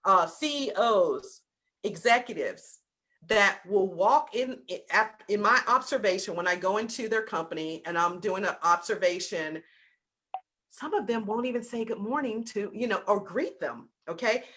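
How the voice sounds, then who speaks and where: A woman with a Southern US accent giving an animated business talk over a video call, acting out little scenes in other voices. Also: medium pitch, normal speed. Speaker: business coach.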